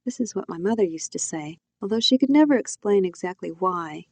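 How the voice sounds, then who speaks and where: A woman reads her novel aloud in a quiet, reflective first-person voice. Her tone is low and mellow. The sound is dry and close to the mic, with no room around it. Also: lively intonation, fairly quick, dry recording. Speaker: author reading her novel. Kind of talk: audiobook narration.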